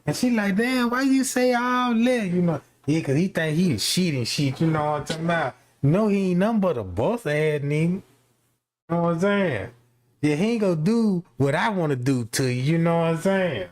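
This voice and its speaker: A high-pitched man spins a long, profane comic tale about his job. He rambles and restarts, packs his talk with slang and fillers, and keeps his delivery lively. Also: a little fast. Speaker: comic storyteller.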